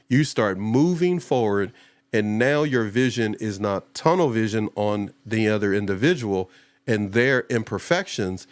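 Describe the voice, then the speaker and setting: A man's voice: unhurried, no echo. Man hosting a casual live stream. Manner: animated, jumps into high-pitched voices when acting out others. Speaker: show host.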